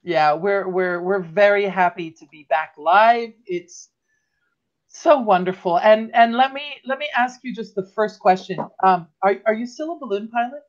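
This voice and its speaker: A woman host talks in a casual, chatty way, restarting her sentences and laughing easily. Her voice sits at a middle pitch. The sound is slightly muffled, as over an online call. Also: normal speed. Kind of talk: casual live-show chat.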